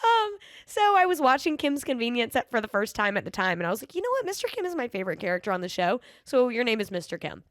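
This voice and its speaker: A woman's voice: fairly high pitch, big pitch swings, quick pace, no room sound, studio quality. A young woman hosts a podcast, chatting casually and telling stories with a playful, sassy edge and lots of ums. She has a slight lisp now and then. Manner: chatty storyteller, frequent ums, playful sass. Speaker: podcast host. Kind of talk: casual solo podcast chat.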